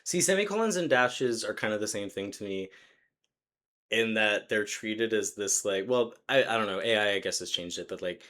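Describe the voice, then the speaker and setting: A man's voice: on the low side, lively intonation, moderate pace, pushed and bright. A young man co-hosting a podcast, chatting casually in long run-on sentences and laughing often. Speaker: podcast co-host. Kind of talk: casual chat.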